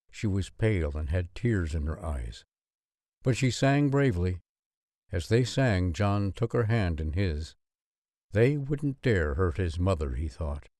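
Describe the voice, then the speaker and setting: A man reading a novel aloud in expressive, measured narration. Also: low-pitched, no room sound, studio quality. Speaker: audiobook narrator. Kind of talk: scripted storybook narration.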